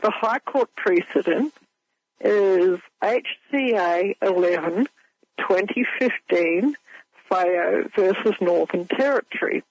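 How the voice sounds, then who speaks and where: A woman's voice: mid-range voice, takes it slowly, no room sound. A woman calling in to a talk radio show, explaining earnestly with many hesitant fillers. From Australia. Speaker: guest caller. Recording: phone line with faint music.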